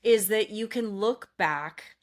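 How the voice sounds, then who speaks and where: A woman's voice: medium pitch, slow. A middle-aged woman co-hosting a podcast in casual chat, an encouraging listener who reacts often. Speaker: podcast co-host.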